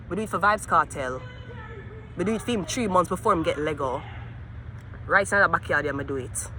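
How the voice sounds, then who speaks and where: A woman with a Jamaican accent doing a profane tarot reading vlog outdoors, swinging between angry rants and low muttering. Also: fairly quick, noisy background. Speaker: tarot reader.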